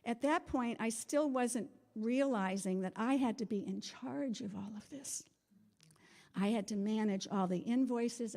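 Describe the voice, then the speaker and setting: A woman's voice: mid-range voice, mellow. A middle-aged woman giving an earnest, meandering personal testimony to a congregation in a spiritual center, laughing often.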